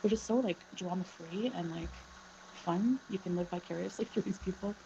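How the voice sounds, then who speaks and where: A woman's voice: mid-range voice, normal speed, gravelly. A woman chatting casually on a livestream, greeting viewers by name as she talks. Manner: chatty, reads chat names aloud. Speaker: livestream guest. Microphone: home mic with a fan humming. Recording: lo-fi with loud fan noise.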